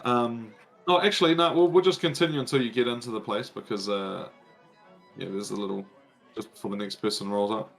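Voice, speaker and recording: A man narrating a tabletop game as game master, pausing often with ums. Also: medium pitch, steady tone, vocal fry, faint music behind. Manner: hesitant, many ums.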